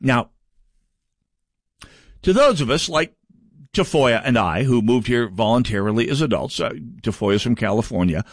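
A man's voice: medium pitch, expressive, normal speed, no echo, clean studio sound. A middle-aged man from North Dakota hosting a political talk radio show, delivering a sardonic, mocking monologue.

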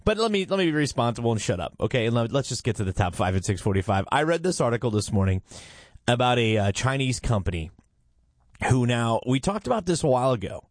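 A man's voice: mid-range voice, big pitch swings, quick pace, no room sound, studio quality. A man hosting a morning radio show in casual, playful chat, rambling and poking fun at himself. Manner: playful, rambling, self-mocking.

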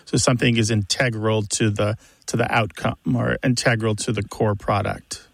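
A man's voice: on the low side, steady tone, normal speed, creaky, no room sound. A man co-hosting a radio call-in show, explaining word pronunciation with enthusiasm. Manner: explanatory, enthusiastic about words.

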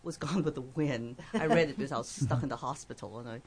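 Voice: mid-range voice, fast talker. A speaker from outside the US talking reflectively in a panel discussion and laughing easily.

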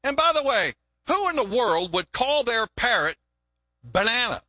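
A startled male burglar who scoffs in disbelief, as a preacher acts him out. The voice is high and bright, and the sound is dry and close. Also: big pitch swings, normal speed, no echo, heavily acted. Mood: scoffing. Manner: incredulous, scoffing.

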